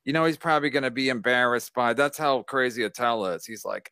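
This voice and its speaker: Man, podcast host, rambling and profane, bright edgy voice, smooth clear tone. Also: medium pitch, brisk, few pauses, no echo, studio quality. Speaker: show host. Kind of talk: casual podcast chat reading chat comments.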